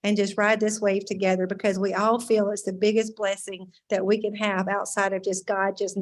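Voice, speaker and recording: A woman's voice: mid-range voice, flat delivery, moderate pace. A woman giving an earnest, faith-filled testimonial to a crowd at a business event. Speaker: speaker sharing a testimonial. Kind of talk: testimonial speech.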